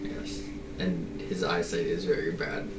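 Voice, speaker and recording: A man's voice: low-pitched, level tone, a little slow, roomy sound, far from the mic, noisy background. A man narrating as game master of a tabletop game, in a casual, hesitant way.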